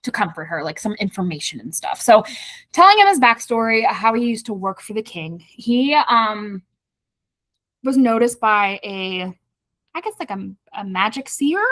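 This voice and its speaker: A woman's voice: mid-range voice, very animated, moderate pace, a bit bright, no echo. A woman co-hosting a casual book club podcast, animatedly retelling the plot and acting out the characters' lines. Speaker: podcast co-host.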